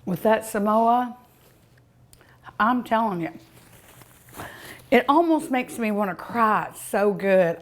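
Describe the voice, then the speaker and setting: By the pool outdoors at home, a leisurely woman hosts a cooking show, folksy and chatty as she tastes the food. She savors every bite with long, drawn-out mms and ohs, her voice on the high side with lively intonation.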